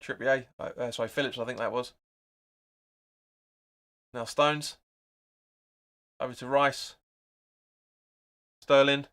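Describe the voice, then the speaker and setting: A young man hosts a live football watch-along, speaking at medium pitch in a clean tone, slowly and with frequent pauses. He chats casually, calls the play, reads out viewer comments and gets excited when chances come.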